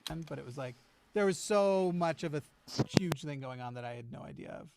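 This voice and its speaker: A man's voice: on the high side, lively intonation, a little fast, noisy background. A man talking casually on a livestream, hesitant, with many "uh" and "like" fillers and restarts. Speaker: livestreamer in a played clip.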